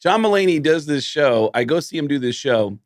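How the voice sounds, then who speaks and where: A man's voice: fairly high pitch, animated, a little fast, dry recording, studio quality. A man, a comedian guest, telling a long story in casual podcast talk and acting out the quoted dialogue.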